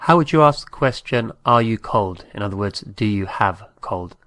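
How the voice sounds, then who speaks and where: A man's voice: on the low side, animated, normal speed, fairly bright tone, dry recording. A man giving a patient language lesson, spelling out words letter by letter. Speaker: Spanish teacher.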